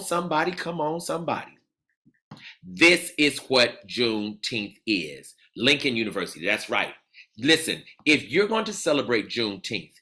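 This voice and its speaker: A man leading an audience in an energetic call-and-response lecture, cheering answers and repeating them with excitement. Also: medium pitch. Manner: exuberant, repeats cheers like "come on" and "absolutely".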